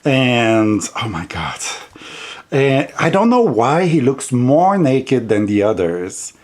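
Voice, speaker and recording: A man's voice: mid-range voice, sing-song, slow, a little mellow. A man with a heavy non-native accent chatting casually on his tarot vlog, rambling and giggling as he goes. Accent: heavy non-native English accent. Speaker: tarot vlogger.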